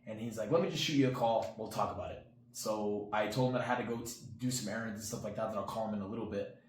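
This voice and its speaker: Young man, low voice, casual storytelling vlog, rambling with fillers, echoey room, faint hiss. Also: fairly even intonation, quick pace. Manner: rambling, full of fillers, quotes friends in a livelier tone. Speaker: channel host. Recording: roomy echo, faint background hiss.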